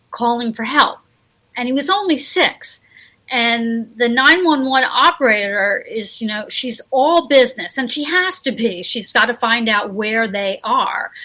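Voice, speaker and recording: A woman author speaks as a radio interview guest. Her voice sits a little high and sounds sharp and bright. She is earnest and halting, and often breaks off to restart a sentence. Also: low-quality recording.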